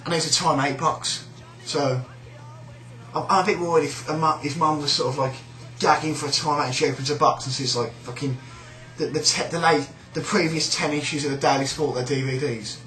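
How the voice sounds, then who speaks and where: A man's voice: on the high side, steady tone, brisk, pushed and bright, roomy sound, faint music behind, rough recording. A man with a British accent ranting in a sneering, rambling, sweary way about a coworker. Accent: British English. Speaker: shop worker. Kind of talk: casual rant.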